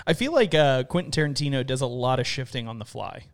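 A man's voice: mid-range voice, expressive, fast, gravelly. A man hosting a casual movie podcast, reading out facts with many hesitant fillers. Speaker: podcast host.

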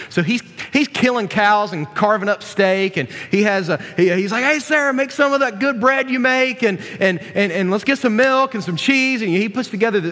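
A man's voice: a little high, a bit bright. A man preaching a casual, joking sermon, folksy and full of asides and restarts, in a church hall.

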